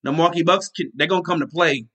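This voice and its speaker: Bright-voiced rambling sports podcast man. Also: a little high, quick pace. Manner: rambling, loose and conversational, searching aloud for names. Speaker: podcast host. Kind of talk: casual sports talk monologue.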